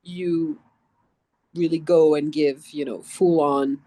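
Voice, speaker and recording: A woman from France with a French accent, a voice actress telling animated stories in a casual interview and acting out the quotes. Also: low-pitched, takes it slowly. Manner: animated storytelling, acts out quotes, swears casually. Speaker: guest voice actress.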